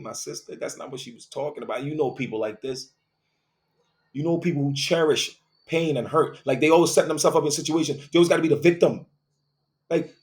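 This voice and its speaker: A man's voice: medium pitch, darkish tone. A man delivering a profane, confrontational motivational monologue, preaching and repeating phrases for emphasis. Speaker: host.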